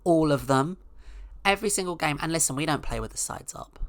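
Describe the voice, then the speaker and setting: A woman's voice: deep voice, expressive, brisk, no room sound. A woman hosting a podcast, telling a rambling, sarcastic comic story with mock-outraged asides. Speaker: podcast host. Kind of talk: casual comedic monologue.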